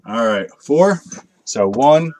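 A man's voice: medium pitch, expressive, takes it slowly, a little mellow, a little hiss or hum. Casual, swearing man hosting a card break. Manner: casual, swearing, chatting to viewers. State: tired from a long night. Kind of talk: live card break commentary.

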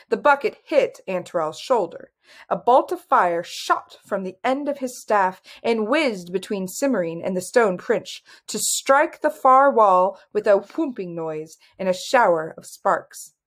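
A woman narrating a fantasy novel as an audiobook reader, in an even, measured way. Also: mid-range voice.

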